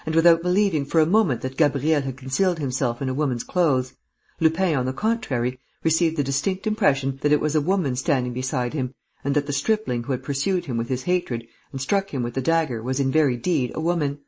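An audiobook narrator reads classic prose in a steady, measured way, with a husky, breathy tone. The pitch sits in the middle range and the delivery stays even. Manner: steady, measured literary reading. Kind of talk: scripted narration.

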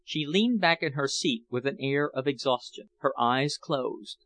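An audiobook reader narrates a novel in scripted form, his medium-pitched voice measured and even.

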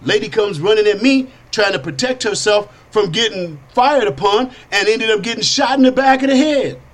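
A middle-aged man hosting a talk show, telling personal stories in an animated, streetwise way with casual slang. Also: high-pitched, moderate pace. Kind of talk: storytelling monologue.

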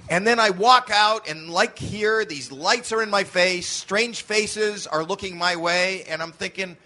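A man in his late fifties, a comedian, telling animated stories in a casual podcast chat and acting out his own shouts, with swearing along the way. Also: high-pitched, unhurried. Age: 50s. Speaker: comedian guest.

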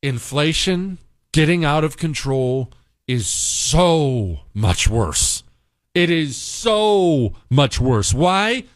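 A man's voice: a little high, sing-song, drawn-out words, dry recording, studio quality. A male host giving an urgent, exasperated political commentary monologue, hammering key phrases by repeating them.

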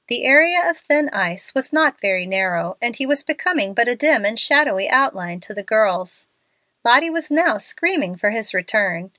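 A woman narrating a classic story aloud in a clear, expressive storytelling manner. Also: on the high side, normal speed, no room sound. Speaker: audiobook narrator.

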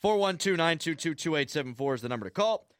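A man's voice: a little high, animated, quick pace, dry recording, clean studio sound. A man hosting a sports talk radio show, ranting and sarcastic, repeating lines for emphasis.

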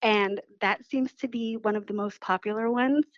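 Woman guest, poet, animated storyteller, slightly high voice, dry dull radio sound. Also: moderate pace, no echo. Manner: animated storytelling, laughs while talking. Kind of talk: radio interview.

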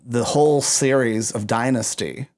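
A man's voice: mid-range voice, unhurried, darkish tone. A man co-hosting a podcast, talking in a loose, rambling way full of fillers and restarts. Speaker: podcast co-host. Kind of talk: casual chat.

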